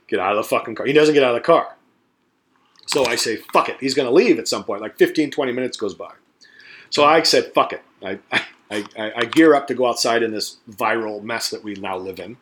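A man's voice: medium pitch, fairly quick, fairly bright tone, slight background noise. Foul-mouthed man telling a rambling story. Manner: profane, rambling, acts out quoted voices. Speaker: podcast co-host. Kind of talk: casual storytelling chat.

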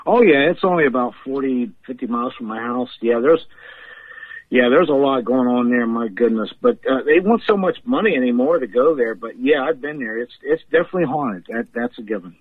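A man's voice: mid-range voice, lively intonation, fairly quick, breathy edge, no echo. A man calling in as a guest, telling rambling stories and laughing often between them. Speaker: guest paranormal investigator. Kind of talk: casual storytelling on a podcast. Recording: tinny phone line.

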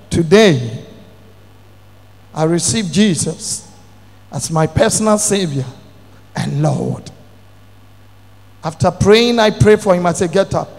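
Preacher guy, high voice, slow and dramatic, shouts now and then, big reverby hall. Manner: dramatic storytelling, bursts into shouts. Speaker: pastor. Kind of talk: sermon testimony.

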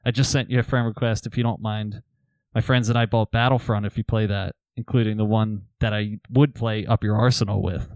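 A man's voice: fairly low pitch, brisk, dry recording, lo-fi sound. A man casually retelling a story to friends on a podcast, reading old messages aloud. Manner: relaxed storyteller, reads messages aloud with laughs.

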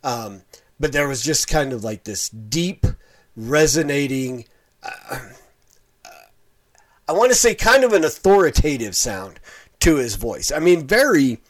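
A man's voice: a little high, very animated, normal speed. A middle-aged man giving casual video commentary on preachers, rambling with fillers and restarts.

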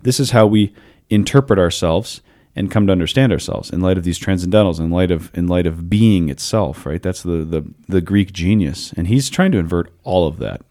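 Deep-voiced male podcast host. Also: normal speed, hardly any pauses. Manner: storytelling, animated, laughs often. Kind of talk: casual philosophical discussion.

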